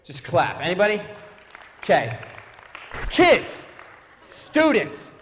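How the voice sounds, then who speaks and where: A man with a notably high voice performs stand-up comedy, playful and animated, often turning to talk straight to the crowd. His voice carries the long reverb of a large church hall. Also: normal speed, a little hiss or hum. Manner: animated, playful, talks to the audience. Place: church auditorium before a live audience.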